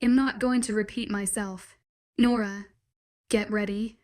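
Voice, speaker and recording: A woman's voice: medium pitch, steady tone, measured pace, darkish tone, lightly acted. A woman voicing an angry, commanding young werewolf man in an audiobook, giving curt orders. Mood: stern.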